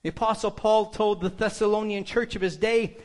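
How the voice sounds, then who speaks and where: A man's voice: high-pitched, steady tone, brisk. A male pastor preaching a sermon, emphatic and putting rhetorical questions to the congregation.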